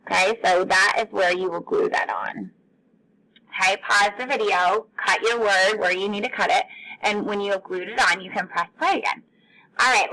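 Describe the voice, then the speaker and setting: A woman teacher giving a phonics lesson to young children, stretching out words slowly. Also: medium pitch, pushed and bright, low-quality recording.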